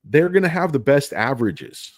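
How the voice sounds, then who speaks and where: A man's voice: fairly high pitch, sing-song, normal speed, no room sound, clean studio sound. A man giving casual, rambling stock commentary, jokey and self-deprecating. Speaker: stock market vlogger.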